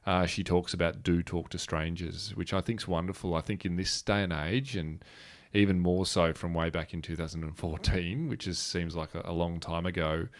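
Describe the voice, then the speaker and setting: A man's voice: low voice, fairly even intonation, moderate pace, few pauses. An Australian man in his thirties, telling a story in a rambling way with restarts and fillers. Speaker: guest speaker. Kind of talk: conversational storytelling.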